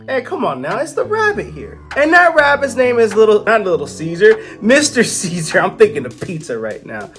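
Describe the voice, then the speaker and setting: A chatty comic book reviewer narrates a story in a casual, offhand way and drops in jokey asides. Their pitch swings widely and keeps things lively, and faint music plays quietly in the background. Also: normal speed.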